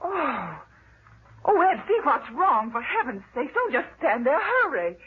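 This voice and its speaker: An actress in an old-time radio drama playing an excitable young woman friend who talks in a fluttery, exclamatory way. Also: medium pitch, takes it slowly. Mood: alarmed. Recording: muffled, noisy old radio transcription.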